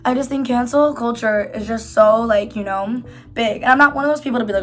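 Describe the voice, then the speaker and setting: Rambling young woman, higher voice. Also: a little fast, a bit bright, faint music behind. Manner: rambling, filler-heavy, self-reassuring; doing her makeup while talking. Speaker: YouTuber. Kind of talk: casual confessional chat to camera.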